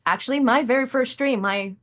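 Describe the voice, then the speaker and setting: A woman guest on a podcast, telling stories about streaming in a casual, animated way, acting out her own reactions and laughing often. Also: on the high side, a little fast. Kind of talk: casual interview chat.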